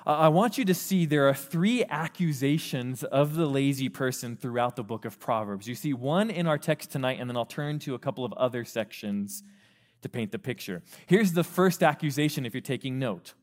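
A man preaching a sermon to a youth group, animated, acting out the voices of parents and teens. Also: mid-range voice, normal speed. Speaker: youth pastor. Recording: long reverb of a hall.

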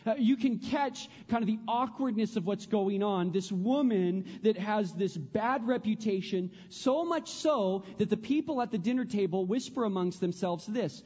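A pastor, a man, preaches with earnest repetition, his mellow voice sitting fairly high and sinking to a hush when he prays. The sound is dull, with a long echo from a big church hall. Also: normal speed, hardly any pauses. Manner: earnest, repeats phrases, drops to a hush on prayers. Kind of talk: sermon.

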